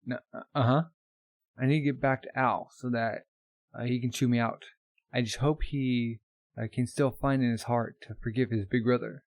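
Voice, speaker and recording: A man's voice: medium pitch, steady tone, normal speed, dry recording, close to an everyday voice. A man voicing a hot-tempered teenage boy alchemist who talks bluntly, in a dry close recording.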